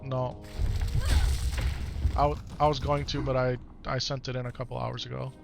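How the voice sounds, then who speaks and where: A man streaming live who talks softly and coaxingly with his young son, then reads and answers his chat in casual talk. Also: mid-range voice, flat delivery, normal speed, gravelly. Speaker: streamer and father. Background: game music.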